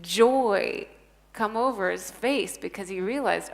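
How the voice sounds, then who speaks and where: A woman's voice: medium pitch, slow, vocal fry. A woman telling a story at a conference panel, earnest and enthusiastic, with emphatic stresses. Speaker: conference speaker. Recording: long reverb of a conference hall.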